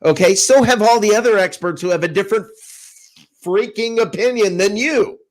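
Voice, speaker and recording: A man co-hosting a casual sports talk show, ranting with sarcasm and mocking others' calm know-it-all tone. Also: high voice, moderate pace. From Tampa. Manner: animated, sarcastic, mocks others in a calm put-on voice. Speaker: co-host.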